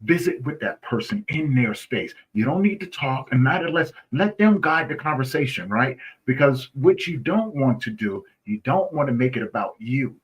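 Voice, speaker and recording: A man's voice: mid-range voice, expressive, moderate pace, hardly any pauses, slightly rough, poor audio. A man speaking as a guest in a conversational interview, earnest, often asking "right?" and restarting his phrases.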